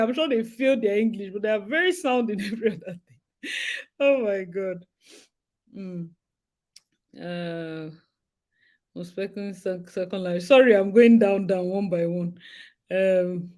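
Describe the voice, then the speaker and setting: A young Nigerian woman from Rivers State, speaking with her local accent as she hosts a casual live chat, animated, laughing often and slipping into pidgin. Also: mid-range voice. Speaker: host.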